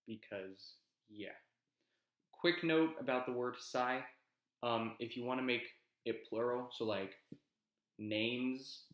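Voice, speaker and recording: A man casually teaching an invented language, rambling with self-aware asides. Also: medium pitch. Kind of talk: casual video lesson. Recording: echoey room.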